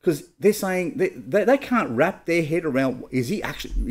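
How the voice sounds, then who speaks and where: Animated man preaching a sermon. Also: a little high, normal speed. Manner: conversational preaching, asks and answers his own questions; reads scripture aloud in King James wording. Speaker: pastor.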